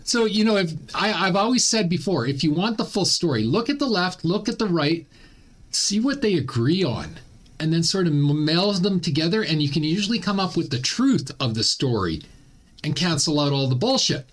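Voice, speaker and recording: A man's voice: on the high side, sing-song, normal speed. A Canadian man hosting a casual opinion commentary, blunt and ranting. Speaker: commentary channel host.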